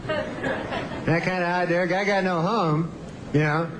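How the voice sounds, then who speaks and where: A man doing deadpan stand-up, rambling and halting on purpose. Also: high voice, background noise. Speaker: stand-up comedian.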